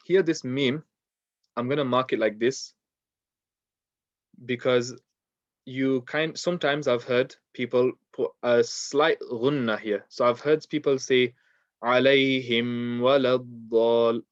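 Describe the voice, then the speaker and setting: A man's voice: mid-range voice, no echo. Man teaching pronunciation, dull dry recording. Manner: relaxed explaining with frequent ums, demonstrating sounds. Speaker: Quran recitation teacher. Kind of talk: online tajweed lesson.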